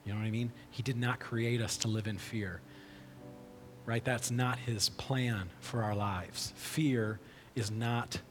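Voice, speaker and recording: A man's voice: mid-range voice, fairly even intonation, takes it slowly, faint music behind. Man preaching in an echoey hall. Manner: conversational, frequent "right?" asides. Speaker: pastor. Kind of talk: sermon. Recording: long hall reverb.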